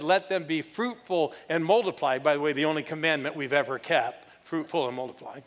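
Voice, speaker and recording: A man preaching a sermon in a church, energetic and calling on the congregation to answer him. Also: a little high, a little fast, hardly any pauses. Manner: energetic, calls for crowd responses. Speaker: guest preacher. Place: church sanctuary. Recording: church hall reverb.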